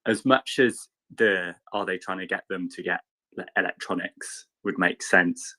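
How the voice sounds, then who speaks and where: A man's voice: low voice, measured pace. Rambling man telling a story. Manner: rambling storyteller, lively quoted voices. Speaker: panelist. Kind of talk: casual anecdote on a live audio chat.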